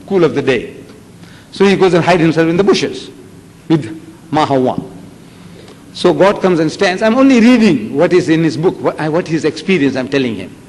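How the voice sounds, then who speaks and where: An older Islamic lecturer with a South African Indian accent and a slightly high voice gives a public religious lecture to an audience. He tells stories with animation, acting out voices and building to rising shouts. The echoey hall carries faint background noise.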